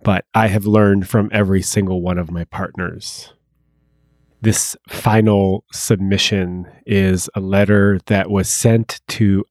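A man hosting a podcast, talking in a calm, reflective way. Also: deep voice, no room sound, clean studio sound. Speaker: podcast host.

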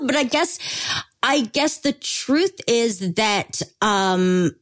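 Actress chatting on a podcast, laughs at herself, open and honest. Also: female voice, a little high, animated, extremely slow. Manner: self-deprecating, candid. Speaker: actor, podcast guest. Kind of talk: casual interview chat.

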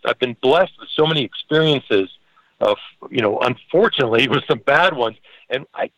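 A man's voice: mid-range voice, a bit bright, dry recording, rough recording. A man with a mid-range voice speaks earnestly as a podcast guest, often restarting his sentences. The recording is dry, with no room sound. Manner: earnest, halting with many restarts and fillers. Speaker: podcast host and home care business owner. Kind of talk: conversational guest talk.

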